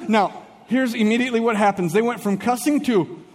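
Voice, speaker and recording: A young male pastor with a high voice tells a story from the pulpit, animated and quick to switch from rushing to slow, drawn-out lines. His voice carries through a large church with a long, lingering reverb. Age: young adult. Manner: animated storytelling, swings in pace. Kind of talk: sermon with a comic personal story.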